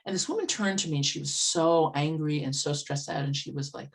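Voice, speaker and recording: A woman life coach speaks earnestly to an online meetup over a video call, with a notably low-pitched voice. She tells stories conversationally and with vivid detail. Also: fairly quick, creaky, hardly any pauses, husky. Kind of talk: storytelling talk at an online meetup. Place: old farmhouse, indoors.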